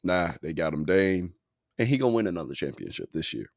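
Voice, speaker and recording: A man's voice: low voice, sing-song, fairly quick, creaky, no echo, clean studio sound. Tired, slangy man hosting a sports podcast. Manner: slangy, profane, loose and rambling. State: tired, yawning. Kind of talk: casual sports talk.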